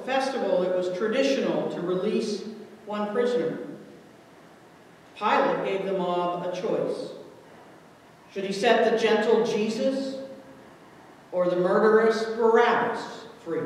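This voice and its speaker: High-voiced slow man reading aloud in church. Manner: deliberate, voices the crowd's shouts loudly. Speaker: scripture reader. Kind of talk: slow dramatic reading of the Passion story. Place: church sanctuary. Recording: echoey church heard from far off.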